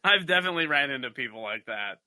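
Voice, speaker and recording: A man's voice: medium pitch, fast talker, dry recording. A man hosting a comedy podcast, telling stories in casual chat and now and then putting on a mock Minnesota accent. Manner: animated storyteller, slips into mock Minnesota accent. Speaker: podcast host.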